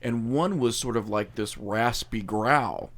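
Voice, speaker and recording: A man's voice: fairly low pitch, slow pace, fairly bright tone. A man hosting a podcast, telling his own eerie studio story in a loose, rambling way. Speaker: podcast host. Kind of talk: casual chat.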